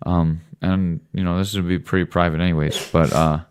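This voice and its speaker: A man's voice: low voice, little pitch movement, moderate pace, a little hiss or hum. A man talking casually as a father hosting a home podcast with his son, teasing and joking with him. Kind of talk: casual late-night chat.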